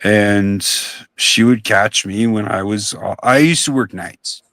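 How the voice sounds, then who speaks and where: A man's voice: on the low side, slow pace, fairly bright tone, dry recording. A young man chatting casually on a live stream, telling rambling stories and swearing offhandedly. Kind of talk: casual storytelling chat.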